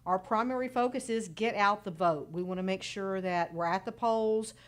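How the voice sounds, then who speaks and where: A woman's voice: medium pitch, moderate pace. Businesslike woman giving event details. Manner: businesslike, matter-of-fact. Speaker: guest, local party official. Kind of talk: informative announcement on radio.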